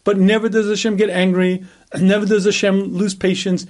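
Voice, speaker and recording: High-voiced male teacher, emphatic and repetitive, clears throat often. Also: flat delivery, normal speed, a little mellow. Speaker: rabbi teaching a weekly class. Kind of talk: Torah class lecture.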